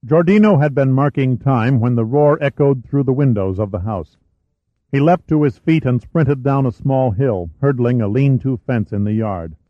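Male narrator, mid-pitched, steady thriller read, close dry booth. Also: moderate pace, no echo. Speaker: audiobook narrator. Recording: dry, slightly muffled studio recording.

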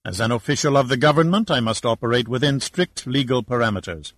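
A man voicing a calm, smooth-talking government official in an audiobook. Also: medium pitch, fast talker, lightly acted. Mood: evasive.

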